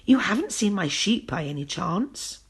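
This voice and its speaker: A woman's voice: fairly low pitch, animated, moderate pace, breathy edge, heavily acted. A woman reading aloud and voicing a prim, gossipy young shepherdess.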